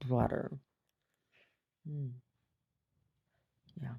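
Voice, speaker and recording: A woman's voice: rumbling low, fairly even intonation, very slow, vocal fry, husky, phone-quality sound. A middle-aged woman, a gallery owner, chatting in a meandering, giggly way in a casual monologue.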